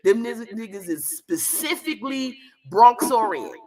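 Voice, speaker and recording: A woman comedian on a live stream, telling a loud, profane, rambling story. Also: a little high, expressive, normal speed.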